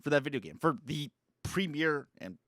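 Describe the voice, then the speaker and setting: A man's voice: a little high, lively intonation, normal speed, fairly bright tone, no echo, clean studio sound. A young man co-hosting a casual podcast, talking enthusiastically in a rambling way with many "like"s. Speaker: podcast co-host. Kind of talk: casual chat.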